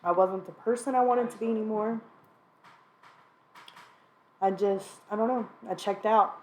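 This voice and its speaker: A woman speaks candidly in a relaxed sit-down conversation with her sister. Her voice sits at an ordinary middle pitch. She talks frankly and openly, breaking into laughter now and then and often clearing her throat. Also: measured pace. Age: adult, mother of a child. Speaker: sister sharing her recovery story. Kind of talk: candid conversation about addiction.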